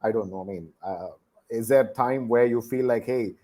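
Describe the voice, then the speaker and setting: A man moderating a call review, speaking in an easygoing, halting way with many fillers over a video call. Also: mid-range voice, warm tone. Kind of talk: casual panel chat.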